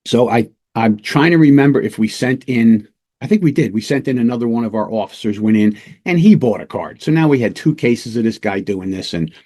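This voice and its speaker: A middle-aged man, a police lieutenant, teaching undercover work through a casual, lively anecdote told with small restarts. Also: fairly low pitch. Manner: lively anecdotes, acts out quoted voices, fillers and restarts. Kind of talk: casual storytelling lesson.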